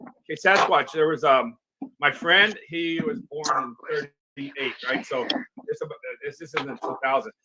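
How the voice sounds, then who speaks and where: A man's voice: on the high side, measured pace, a crowd in the background, rough recording. A man on an online call telling rambling stories and laughing easily. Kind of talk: casual group chat on a live stream.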